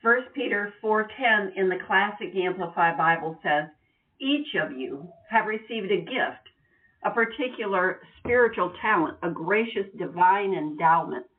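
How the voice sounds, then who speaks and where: A woman reads Bible verses aloud, careful and deliberate. She sounds distant from the mic, and the audio is narrow and tinny, like a phone call. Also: medium pitch, lively intonation. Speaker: Bible teacher. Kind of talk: reading scripture aloud.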